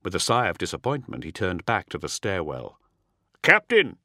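A man narrating an audiobook with a dramatic, expressive reading. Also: low voice, brisk, no room sound, clean studio sound. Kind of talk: scripted narration.

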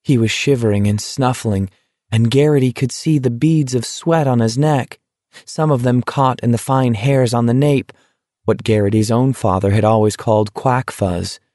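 A man reading a novel aloud as narrator, in a measured, deliberate way. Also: medium pitch, dark tone, no room sound, clean studio sound. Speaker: audiobook narrator. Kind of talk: scripted narration.

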